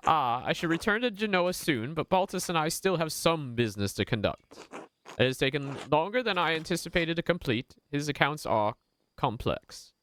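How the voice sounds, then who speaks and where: A man voicing a courteous male merchant from Italy in a video game, with a measured, formal way of talking. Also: fairly high pitch, expressive, a bit bright, a little hiss or hum, voice pushed up, rough recording. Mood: genial.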